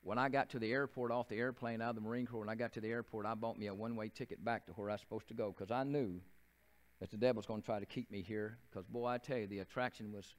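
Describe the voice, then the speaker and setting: A man's voice: on the low side, steady tone, fast. An older man with a Southern US accent, preaching a sermon as a pastor in a church, telling folksy stories and often repeating and restarting his phrases.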